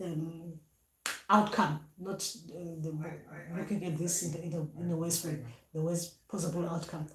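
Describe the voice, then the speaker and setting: A woman's voice: lowish voice, warm tone. A woman hosting a casual spiritual talk, rambling and restarting her sentences with many fillers as she searches for her notes. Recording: echoey room with faint noise.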